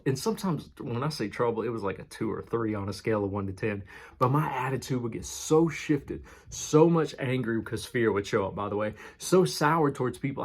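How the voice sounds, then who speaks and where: A man's voice: mid-range voice, husky. A male pastor giving a casual, conversational sermon and stressing key words by repeating them. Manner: conversational, emphatic with repetition. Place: church in New York City.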